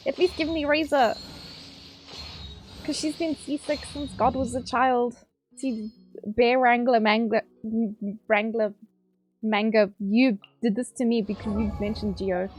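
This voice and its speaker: A woman streaming a game, chatting casually with viewers, excitable and swearing, squealing at her pulls. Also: fairly high pitch.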